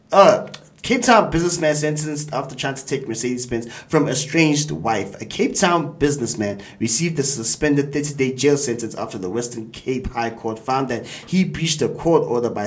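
A man hosting a show, chatting casually about news headlines, often repeating himself and laughing. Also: mid-range voice. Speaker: show host.

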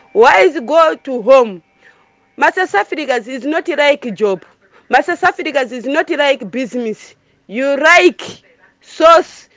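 A woman's voice: sits high, fairly bright tone, dry recording. Emphatic woman caller from Malawi. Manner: emphatic, repetitive, in broken English. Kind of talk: impassioned call-in speech.

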